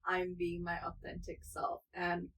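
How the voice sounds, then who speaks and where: A woman's voice: lowish voice, completely flat delivery, a little slow, fairly bright tone, rough recording. Earnest affirming woman podcaster. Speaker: podcast co-host, energy healer. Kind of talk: casual podcast conversation.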